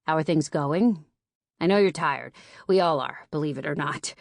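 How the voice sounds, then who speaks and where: A woman reading an audiobook, voicing a tired man in his mid-thirties who talks in a ragged, breathy way. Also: fairly high pitch, moderate pace, no room sound, clean studio sound.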